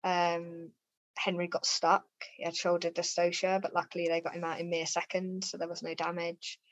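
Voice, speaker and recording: Her voice is on the low side and moves at normal speed as she, a guest in an interview, relates her personal story and livens it up by voicing quoted people in a raised tone. There's no echo, and the lo-fi recording sounds dry and a bit dull.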